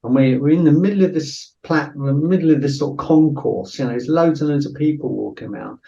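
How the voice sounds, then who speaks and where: A man's voice: fairly high pitch, brisk, gravelly, warm tone. A middle-aged man, a former soldier telling a story as a podcast guest, blunt and swearing freely, full of "you know" fillers. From Britain. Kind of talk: casual storytelling interview. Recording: roomy, distant, dull-sounding mic.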